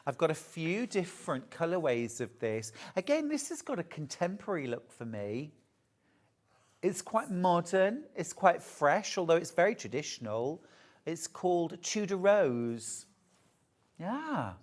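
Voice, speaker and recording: A woman's voice: on the low side, very animated, measured pace, darkish tone. A middle-aged British woman presenting a live TV shopping show about sewing, chatting and gushing over fabrics.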